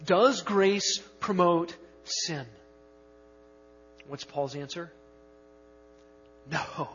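A man preaching a sermon as pastor, emphatic, stretching key words slowly and rushing through asides. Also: high-pitched, steady tone, fairly bright tone, husky. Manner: emphatic, swings between slow stressed words and quick asides. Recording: dull lo-fi sound with long reverb in a hall.

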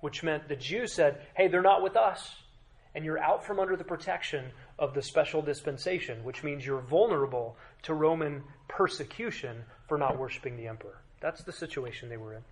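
A man's voice: fairly high pitch, fairly quick, hardly any pauses, husky. Emphatic male pastor preaching. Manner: emphatic preaching with dramatic drops to quiet; rhetorical questions to the congregation. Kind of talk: sermon.

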